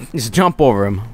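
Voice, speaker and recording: A man's voice: lowish voice, creaky, a little hiss or hum. A young man streaming a game late at night, sleepy and rambling, with an itchy throat from hay allergy. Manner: rambling, drowsy, trailing off. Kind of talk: casual gameplay chat.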